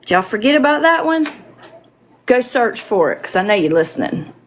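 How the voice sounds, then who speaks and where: A woman's voice: medium pitch, sing-song, moderate pace, slight background noise. A woman hosting a livestream, giving heated, profane, emphatic commentary. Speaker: livestream host.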